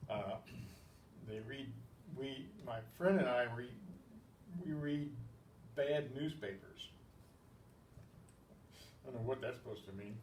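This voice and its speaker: A man teaches a class at an unhurried, deliberate pace, patient and methodical, with dry little asides and frequent throat-clearing. His voice sits some distance from the lapel mic, in a roomy, echoing space. A faint hiss of static and room noise runs underneath. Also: mid-range voice. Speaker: Spanish teacher. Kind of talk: classroom lesson. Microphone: lapel mic that catches his badge.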